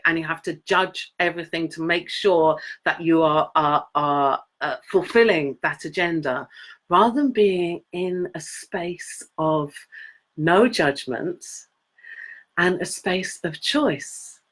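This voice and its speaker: Middle-aged woman rambling thru a live coaching talk, lots of um and restarts, kinda low voice. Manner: rambling, halting, many fillers and restarts. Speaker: energy coach hosting a live session.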